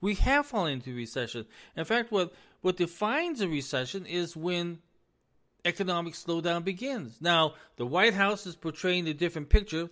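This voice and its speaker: A man hosting a solo commentary, folksy and relaxed at first, then insistent and heated about the economy. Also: sits high, moderate pace. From US East Coast. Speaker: business administrator, commentary host. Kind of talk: opinionated commentary.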